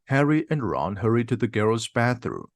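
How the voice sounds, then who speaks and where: A man's voice: mid-range voice, dry recording, studio quality. Man reading a simple audiobook. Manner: slow, plain, steady reading. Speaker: reader.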